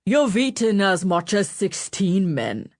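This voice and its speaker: A woman voicing a grumpy male butler with a northern accent, complaining darkly and gruffly in an audiobook. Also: mid-range voice, very animated, slow. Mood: grumbling. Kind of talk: audiobook character voice.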